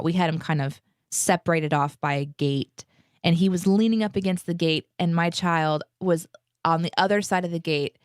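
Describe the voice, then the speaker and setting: She's a co-host of a live morning show, a woman in her thirties with a low-pitched voice, recounting a story with lively, chatty cheer. The audio is dry and studio grade.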